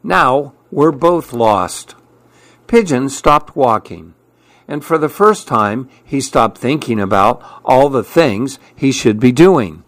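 A man reading a children's story aloud as narrator in a calm, measured way. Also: medium pitch, dry recording.

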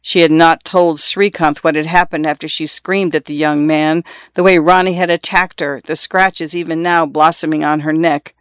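An audiobook narrator tells a literary story in a measured, even voice at a middle pitch. The reading is steady and scripted, close to the mic. The sound is dry, with no room echo. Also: smooth.

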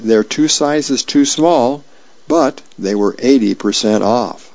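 A man's voice: medium pitch, slow pace, a little mellow, dry recording. A man voicing a Viking wife, lifting his voice into a sweet, coaxing tone as he reads a comic strip aloud. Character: fussy older woman, Helga, Viking wife. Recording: dull lo-fi radio recording.

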